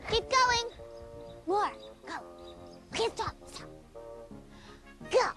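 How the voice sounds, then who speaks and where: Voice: very high-pitched, expressive, takes it slowly, over music, full character voice. A performer voicing a cheerful small child puppet on a 1990s children's TV show, sing-song and fussy about manners. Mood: explaining.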